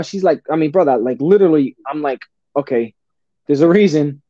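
A middle-aged man telling a personal story as a podcast guest, animated and casual, often calling the host brother or bro. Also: a little high, a little fast, dry recording. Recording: dull, dry lo-fi sound.

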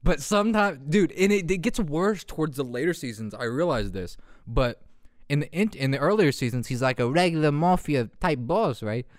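A man's voice: on the high side, lively intonation, moderate pace, no echo, studio quality. A young man hosting his own podcast, rambling in casual profane talk and laughing at his own jokes. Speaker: podcast host. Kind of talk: casual solo podcast rant.

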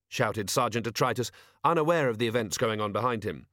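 A man reading an audiobook in a measured, dry storytelling manner. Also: medium pitch, lively intonation, a bit bright, no echo. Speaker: audiobook narrator. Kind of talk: scripted narration.

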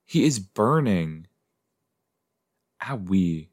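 A man's voice: sits low, big pitch swings, a little mellow. Man chatting along to a TV episode. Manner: chatty, exclaims at the screen, talks back to characters; drawn-out, musing delivery with playful asides. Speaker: podcast host reacting to a TV episode. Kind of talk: casual watch-along commentary.

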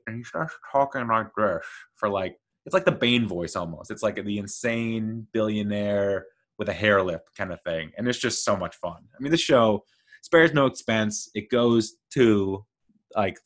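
A man with a lowish, fairly bright voice reviews a TV series in a casual, rambling, enthusiastic way, using lots of fillers.

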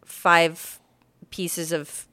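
Woman, podcast co-host, crude, animated, searching for words, dry close sound. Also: on the low side, extremely slow, no echo. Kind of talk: casual political chat.

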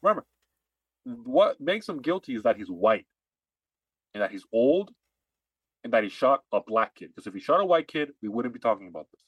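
A man's voice: mid-range voice, big pitch swings, normal speed, pauses often, husky, dry recording, dull audio. Emphatic ranting man, dry sound. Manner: emphatic, ranting, repeats himself. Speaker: podcast co-host. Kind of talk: heated political chat.

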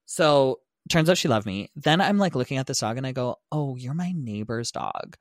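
Young man telling an animated story. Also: mid-range voice, moderate pace, no room sound, studio quality. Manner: animated, swearing, acts out quotes. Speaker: podcast co-host. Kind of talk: casual storytelling chat.

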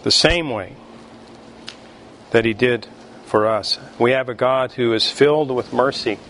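A male pastor preaching a sermon, emphatic and deliberate, with pauses between phrases. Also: medium pitch, fairly bright tone, a little hiss or hum.

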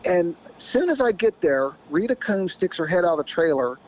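Animated American man telling a long story. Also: sits high, fairly quick, a little hiss or hum, low-quality recording. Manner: animated, rambling anecdote with many "you know"s. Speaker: podcast guest, former off-road racer. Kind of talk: casual storytelling.

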